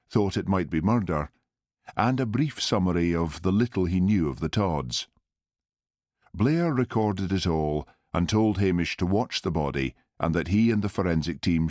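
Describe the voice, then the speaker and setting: A man reading an audiobook in steady, measured scripted narration. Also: low-pitched, no room sound, clean studio sound.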